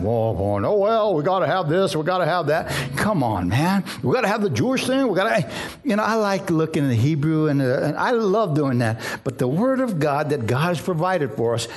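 Lively storytelling preacher man. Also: medium pitch. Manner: lively storytelling, acts out voices, asks "amen?". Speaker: pastor. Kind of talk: sermon.

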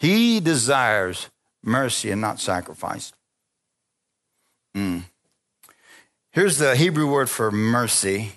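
A man's voice: mid-range voice, takes it slowly, pauses often. A man preaching a sermon in a church, telling a story with acted-out voices and frequent laughter, calling on the congregation. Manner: lively storytelling preacher, acting out quoted voices, laughing often. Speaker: pastor. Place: church sanctuary.

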